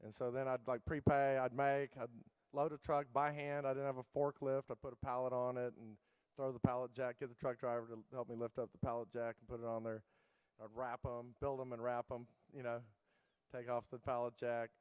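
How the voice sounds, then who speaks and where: A middle-aged man gives a keynote in a loose, storytelling way, piling up fillers and restarts. His voice is smooth and clear at an ordinary pitch. The sound is dry and close, with almost no room around it. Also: level tone, brisk, darkish tone, no echo, rough recording. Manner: casual, rambling anecdotes with many fillers and restarts. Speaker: keynote speaker.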